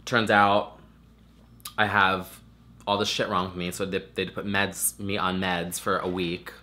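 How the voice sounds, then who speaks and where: Chatty nasal young man, bright tone. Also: sits low, level tone, measured pace, slight background noise. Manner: chatty, swears a lot, many "like" fillers. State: recovering from a swollen throat. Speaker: vlogger. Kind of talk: casual chat.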